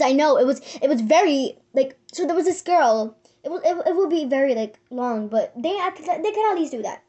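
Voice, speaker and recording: A vlogger with a very high, light voice and a dark tone tells a story to camera in loose, casual chat. She's expressive and brisk, rambling with many fillers and restarts, and sometimes dropping to a near whisper.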